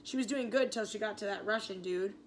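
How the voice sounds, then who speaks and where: A woman's voice: mid-range voice, fairly quick, slight background noise, natural voice. A woman voicing a thoughtful, clever boy who talks in a matter-of-fact way.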